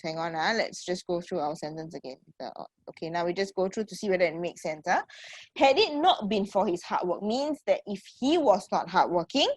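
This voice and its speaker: Speaking into a computer mic, a Singaporean-accented woman teaches an online English class in a mid-range, animated voice at a fairly quick pace. The recording is dry. She encourages her students, calls them sweetheart, and keeps checking in with "okay" and "right?".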